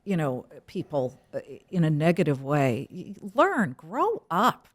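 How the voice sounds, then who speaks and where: Middle-aged female anchor, slightly low voice, frank, animated storyteller. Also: unhurried. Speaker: TV news anchor, guest. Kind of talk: casual interview conversation.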